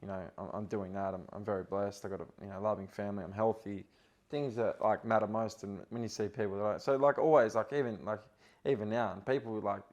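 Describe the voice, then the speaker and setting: An Australian man with a fairly low voice tells stories as a podcast guest. His speech wanders and is packed with fillers and restarts. It sounds like a relaxed, casual interview. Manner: rambling storyteller, heavy on filler words and restarts. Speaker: guest, professional footballer.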